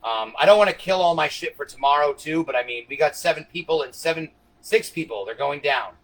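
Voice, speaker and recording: Male streamer, high bright voice, profane conspiratorial rambling monologue to viewers. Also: lively intonation, brisk, poor audio. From United States. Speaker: livestream host.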